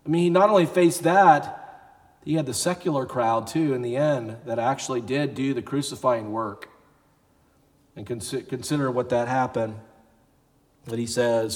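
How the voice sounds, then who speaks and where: A man's voice: mid-range voice, normal speed, long reverb tail. A pastor giving a conversational sermon, sometimes acting out the people he quotes, in a church sanctuary. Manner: conversational preaching, acts out quoted voices.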